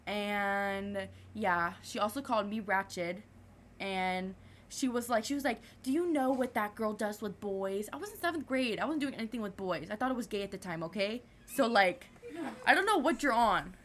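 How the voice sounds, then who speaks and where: A woman's voice: medium pitch, animated, moderate pace, a bit bright, a little hiss or hum. A teenage girl, a guest, telling a story in casual, slangy chat and acting out the other people's voices. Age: teens.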